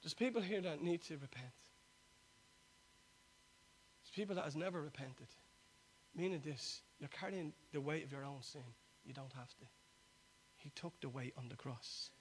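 A man, preaching a sermon that swings from loud exhortation to quiet, intimate appeal. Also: a little high, normal speed, slight background noise.

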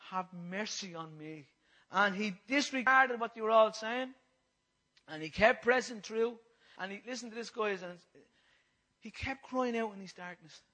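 Man, passionate preacher with a bright, ringing voice and lots of repetition. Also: high-pitched, poor audio. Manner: impassioned, repetitive, swings from loud to hushed. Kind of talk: sermon.

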